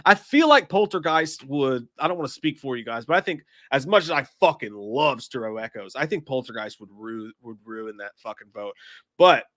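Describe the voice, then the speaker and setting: A man's voice: medium pitch, lively intonation, moderate pace, a bit bright, no room sound. A man hosting a casual movie livestream, reading chat comments aloud with lots of swearing and jokes, congested and coughing from being sick. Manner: profane, jokey, reads chat comments aloud. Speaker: livestream movie podcast host.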